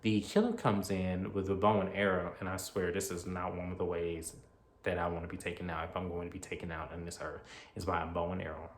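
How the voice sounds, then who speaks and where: A man's voice: deep voice, fairly even intonation, fairly quick, slight background noise. A man casually recapping a horror movie, chatty and acting out the characters' lines as he goes. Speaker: movie reviewer. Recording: echoey room.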